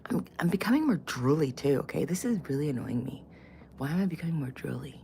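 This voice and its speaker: Woman in her fifties, casual vlogger, crude jokes, lively swooping pitch, faint room noise. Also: quick pace, vocal fry. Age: 50s. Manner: loud and playful, swings to loud bursts and whispers. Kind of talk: casual chat to camera.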